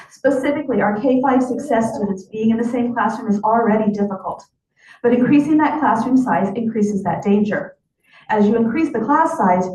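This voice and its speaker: A woman with a slightly high voice gives a formal public comment at a board meeting. She sounds distant from the mic, and the large hall rings around her words. A faint murmur of room noise sits underneath. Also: darkish tone. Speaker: union vice president addressing school board. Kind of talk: public comment reading a letter.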